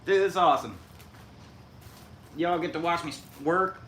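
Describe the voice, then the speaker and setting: A middle-aged man from Indiana talks in a rambling, folksy way with a thick Hoosier accent. He chats casually to his live-stream viewers while he works. His voice is bright and forceful, with a faint hum of noise behind him. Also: a little high, a little slow. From Indiana, USA. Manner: folksy, rambling, chuckles often.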